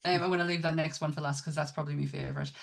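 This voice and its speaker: A woman's voice: low-pitched, fairly even intonation, very fast, creaky. A woman with a British accent co-hosting a casual podcast, chatty, with many ums and restarts. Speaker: podcast co-host.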